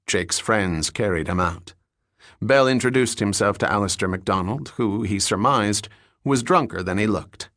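A man narrating a novel in a steady, descriptive storytelling manner. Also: on the low side, normal speed, no room sound, clean studio sound. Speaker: audiobook narrator.

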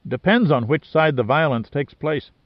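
A man's voice: a little high, lively intonation, normal speed, dry recording, natural voice. Man voicing a matter-of-fact volcano scientist. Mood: measured. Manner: precise, explanatory. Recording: dry, slightly dull lo-fi sound.

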